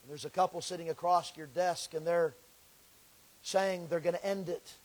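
A man preaching a sermon, reading scripture slowly and swinging between loud pleading and hushed lows. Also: steady tone. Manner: reads scripture in slow, drawn-out delivery.

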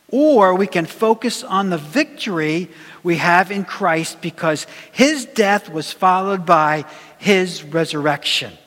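A man preaching a sermon in a measured, emphatic way, his voice dropping low at the ends of phrases. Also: a bit bright. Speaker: pastor. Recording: long reverb of a church hall.

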